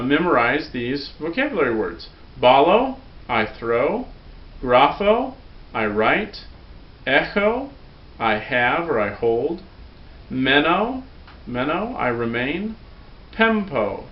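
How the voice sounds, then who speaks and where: A patient male teacher talks students through a recorded lesson and drills forms aloud for them to repeat. His voice sits at an ordinary middle pitch. The room echoes, and the recording is dull and lo-fi with a faint rumble underneath. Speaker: Greek teacher.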